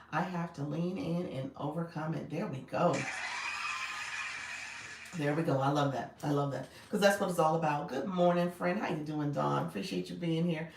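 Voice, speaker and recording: A woman's voice: low-pitched, fairly even intonation, moderate pace, creaky, a little mellow, echoey room, distant mic, slight background noise, rough recording. Female live coach, casual and friendly with viewers, sits back from the mic. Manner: chatty, greets viewers by name, laughs often. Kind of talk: casual livestream chat.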